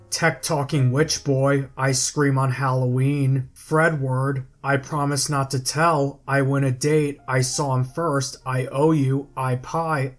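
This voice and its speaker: A man reading a wiki article aloud in a flat voice, going through scripted quotes and episode titles. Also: mid-range voice. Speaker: reader.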